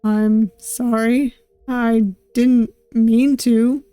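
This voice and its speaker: A woman doing a soft-spoken yandere kidnapper. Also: fairly high pitch, steady tone, extremely slow, clear, resonant tone, no room sound. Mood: apologetic.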